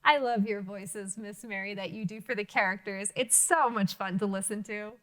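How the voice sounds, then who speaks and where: A woman teacher leading a reading lesson for young children, speaking slowly and clearly with encouragement. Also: medium pitch, fairly even intonation, fairly bright tone. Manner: slow, clearly enunciated, encouraging teacher talk. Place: classroom-style video lesson.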